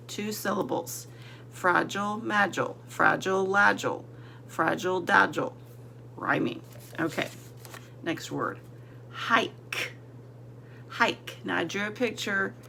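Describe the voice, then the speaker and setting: A woman teacher giving a slow, deliberate vocabulary lesson to young children, sounding out words letter by letter and sometimes dropping to a whisper. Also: lowish voice, creaky, pushed and bright, slight background noise.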